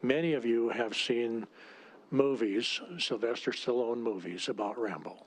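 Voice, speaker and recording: A man, a state senator, introducing a bill at a legislative committee hearing, speaking haltingly with frequent restarts. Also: medium pitch. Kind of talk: formal committee testimony.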